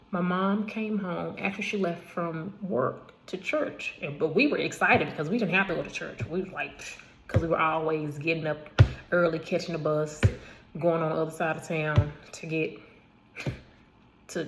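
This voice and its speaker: Woman, low-pitched, gravelly voice, casual personal storytelling, emphatic repetition, self-corrections. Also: normal speed, background noise. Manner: repetitive, emphatic retelling with asides and restarts. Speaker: vlogger telling her own life story.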